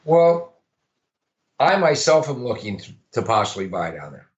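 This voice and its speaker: A man's voice: mid-range voice, sing-song, moderate pace. Guy rambling thru an interview, lots of restarts, kinda muffled recording. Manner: rambling, restarts, thinks aloud. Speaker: guest, realtor. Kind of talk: casual interview answers.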